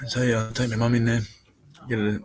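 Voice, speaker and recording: A man's voice: mid-range voice, flat delivery, fairly quick. An Australian man chatting casually on a live stream, rambling and laid-back, swearing now and then.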